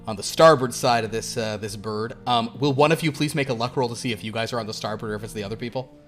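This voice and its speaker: A man's voice: mid-range voice, quick pace, a bit bright, faint music behind, lightly acted. A man voicing a casual male starship captain making intercom announcements. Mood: announcing.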